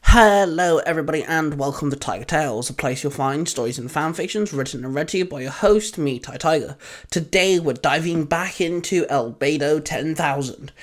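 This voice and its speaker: A man narrates fan fiction for his audio storytelling channel. His voice sits slightly high and upbeat, with dramatic swells. He tells the story with plain enthusiasm. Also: moderate pace. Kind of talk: reading fan fiction aloud.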